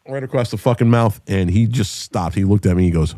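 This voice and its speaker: A man tells a story on a podcast, animated and full of swearing. His voice sits fairly low, and the sound is dry and close. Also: fast, few pauses, dry recording. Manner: animated storyteller, shouts when acting out others. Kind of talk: profane casual storytelling.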